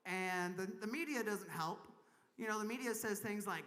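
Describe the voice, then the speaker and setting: A woman's voice: mid-range voice, normal speed, a bit bright, a faint crowd. A woman from Kentucky doing a crude, self-mocking stand-up comedy set on a convention main stage, laughing at her own jokes. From Kentucky, USA.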